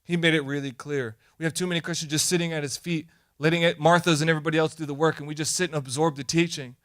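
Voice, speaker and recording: Pastor guy preaching, lively and punchy, pretty high voice. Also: fast. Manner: animated, acts out quoted voices, rising to emphatic peaks. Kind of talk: sermon.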